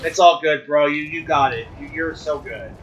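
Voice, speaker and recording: A young man giving casual, profane, excitable commentary on his own gameplay, talking to viewers. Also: a little high, moderate pace, background noise. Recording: loud game gunfire behind.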